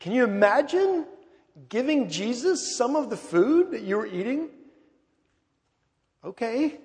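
High-voiced preacher in a reverberant church. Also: male voice, big pitch swings, a little slow. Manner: emphatic, swings from loud to hushed. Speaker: pastor. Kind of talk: sermon. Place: large church sanctuary. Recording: long reverb of a large church.

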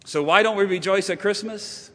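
A man preaching a sermon, telling stories, sometimes dropping to a hush and then building up with emphasis. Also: high voice, moderate pace. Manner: storytelling, shifting from hushed to rising emphasis. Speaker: pastor. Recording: long hall reverb.

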